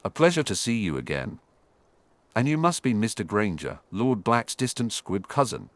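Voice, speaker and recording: A man voicing a haughty aristocratic wizard who speaks in a silky, smooth manner. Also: fairly low pitch, sing-song, normal speed, no echo.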